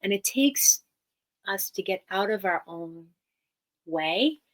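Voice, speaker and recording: A woman's voice: mid-range voice, expressive, slow pace. A woman therapist as a podcast guest, speaking earnestly and emphatically in a teaching manner and repeating key phrases.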